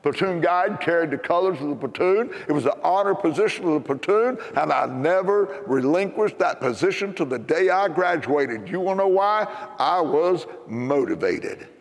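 Older man preaching with lively, high voice. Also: normal speed, few pauses, long reverb tail. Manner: animated storytelling, rising to emphatic punchlines. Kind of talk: sermon. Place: church sanctuary.

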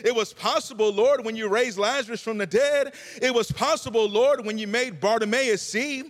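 Jesus pours out an impassioned plea in prayer, voiced by a man mid-sermon. The voice is high and pleading. A long reverb from the church hall trails each phrase. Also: normal speed.

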